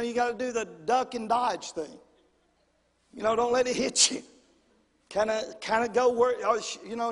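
High, husky preacher in a reverberant hall. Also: male voice. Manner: folksy, animated preaching with audience call-outs. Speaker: pastor. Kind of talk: sermon.

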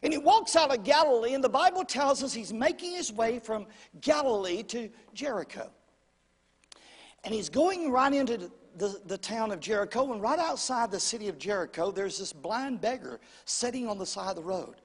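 A male preacher telling a story in a sermon, swinging from shouts to whispers and calling out to the congregation. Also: extremely high pitch, animated, moderate pace, slightly rough, big-room sound.

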